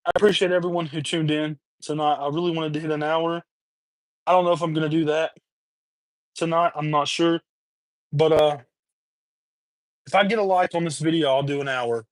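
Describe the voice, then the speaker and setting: A man's voice: on the high side, steady tone, moderate pace, pauses often, dry recording. A man hosting a livestream, delivering a heated, profane, repetitive rant. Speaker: livestream host. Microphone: webcam or streaming mic.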